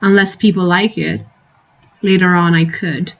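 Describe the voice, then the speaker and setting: A woman's voice: on the low side, fairly even intonation, unhurried, muffled recording. A young woman chatting casually on a live stream, rambling and giggly, drifting into tangents.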